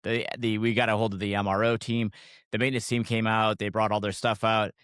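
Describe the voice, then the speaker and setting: A man's voice: fairly low pitch, flat delivery, a little fast, a bit bright, clear, resonant tone, dry recording, clean studio sound. A middle-aged man from West Michigan, co-hosting a podcast and telling a story in casual chat with many fillers. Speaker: podcast co-host.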